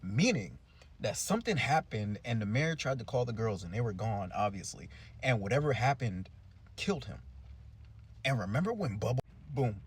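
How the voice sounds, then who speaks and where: A young man casually recapping a cartoon episode in a chatty, slangy, animated way. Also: medium pitch, normal speed, slightly rough. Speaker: cartoon reviewer.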